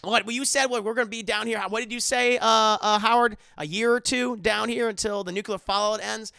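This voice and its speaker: A man's voice: high voice, fast, gravelly, bright, forceful tone, no room sound, full character voice. A man doing an eager, chattering young man. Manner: eager rambling.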